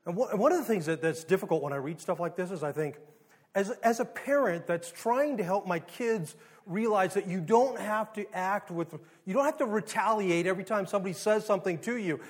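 A man's voice: high-pitched, lively intonation, fairly quick. A middle-aged man, a pastor, giving a sermon in a conversational way, with rhetorical questions and sudden rises in volume.

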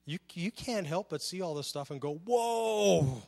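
A man delivering a sermon in a fairly high voice, animated and full of rhetorical questions. He often repeats a word while searching for the next one. His voice carries a long reverb from a large hall. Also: brisk. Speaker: pastor.

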